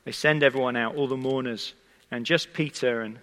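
A man's voice: medium pitch, fairly even intonation, a little fast, a bit bright. A man preaching a sermon, telling the story conversationally and speaking directly to the congregation. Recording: long hall reverb.

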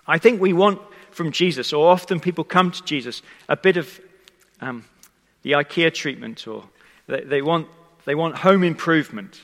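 A man's voice: a little high, moderate pace, fairly bright tone. A man preaching a sermon, telling the story conversationally and speaking directly to the congregation. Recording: long hall reverb.

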